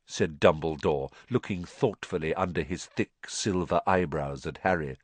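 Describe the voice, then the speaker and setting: A man with a fairly low voice reads a storybook aloud at a slow, measured pace. His delivery is expressive, and the pitch moves freely. The sound is close and dry. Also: no room sound. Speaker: audiobook narrator. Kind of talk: scripted storybook narration.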